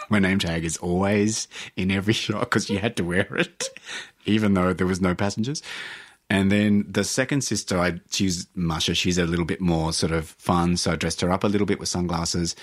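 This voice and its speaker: A man with a very low voice tells stories as an interview guest. He is animated and mocks himself. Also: breathy edge. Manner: animated, self-mocking, laughing often. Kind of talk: interview storytelling.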